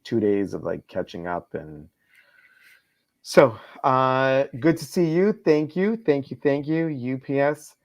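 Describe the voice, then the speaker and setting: A man's voice: mid-range voice, animated, takes it slowly, darkish tone. Male host for a casual live stream, chatty, answers viewer comments, mid-range voice, somewhat muffled lo-fi audio. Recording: slightly dull lo-fi stream audio.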